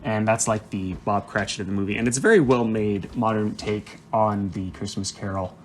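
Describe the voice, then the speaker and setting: A man's voice: lowish voice, moderate pace, a little hiss or hum. Chatty, rambling young man. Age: young adult. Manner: chatty, rambling, apologetic asides. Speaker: vlogger ranking movies. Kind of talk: casual chat.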